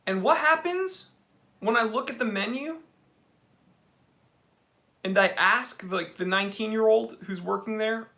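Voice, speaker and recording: A young man hosts a casual livestream and tells his story as a comic rant. His voice is bright and forward, and he calls out to viewers by name as he goes. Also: high voice, a little slow, vocal fry, pauses often. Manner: animated comic ranting. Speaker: livestream host.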